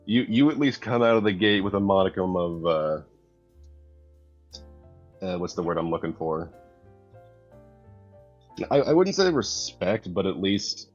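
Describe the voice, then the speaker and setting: A man's voice: low voice, sing-song, a little slow, long pauses. A man in casual chat on a commentary stream who often stops, restarts and searches for his words. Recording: dull lo-fi sound with faint music.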